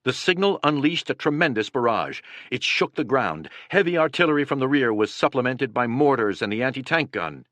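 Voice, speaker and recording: A man narrating a war history as an audiobook in a steady, dramatic manner. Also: mid-range voice, a little fast, hardly any pauses, no echo. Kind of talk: scripted narration.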